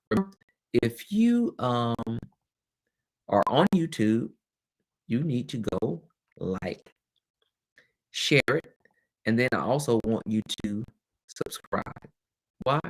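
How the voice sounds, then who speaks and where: A man's voice: mid-range voice, very animated, slow pace, long pauses. A man hosting a webcast as a former teacher, talking candidly and casually, with frequent laughs and chatty asides.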